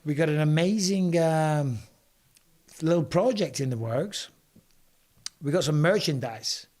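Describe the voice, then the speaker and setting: Running a casual live stream, an English man reads viewer comments aloud and fires back with cheeky banter and casual swearing. His voice is hoarse and strained, slightly high for a man, and he speaks a little slowly with a somewhat mellow quality.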